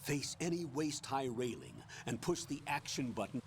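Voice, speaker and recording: Calm military commander, brisk instructions, mid pitch. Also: male voice, background noise. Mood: instructive.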